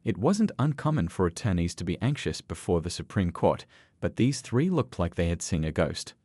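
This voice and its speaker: A man reading a scripted dramatic story as narrator, with a steady storytelling delivery. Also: sits low, normal speed, husky, no room sound.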